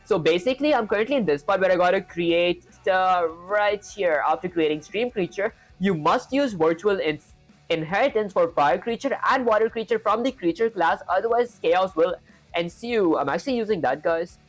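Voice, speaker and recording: A man's voice: high voice, lively intonation, normal speed, soft background music. A young man with an Indian accent live-streaming his coding, thinking aloud through each step and chatting with viewers.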